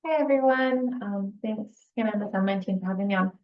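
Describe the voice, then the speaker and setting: A woman's voice: mid-range voice, brisk. A woman, a nonprofit director, presenting on a video call in a plain, organized way. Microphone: computer mic on a video call. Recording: dull, lo-fi call audio.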